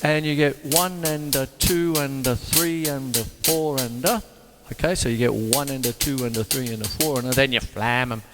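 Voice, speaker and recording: A man teaching drums in a casual, jokey way, talking between demonstrations and breaking into sudden high exclamations. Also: normal speed, over loud music. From Australia. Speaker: drum teacher and show host. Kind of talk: casual drum lesson with demonstrations. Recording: reverberant room with loud drumming behind.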